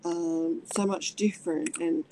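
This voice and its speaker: A middle-aged woman, telling her personal story in halting speech with many restarts. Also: fairly low pitch, steady tone, warm tone, a little hiss or hum, poor audio. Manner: halting, many restarts, acts out voices in quotes. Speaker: interviewee.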